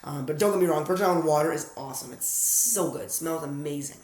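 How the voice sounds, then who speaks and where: A man's voice: on the high side, a little fast, a little mellow. A young American man chatting casually through an unboxing vlog, rambling and self-aware as he talks to his viewers. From United States. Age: young adult. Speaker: fragrance reviewer. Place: room at home at night. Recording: echoey room.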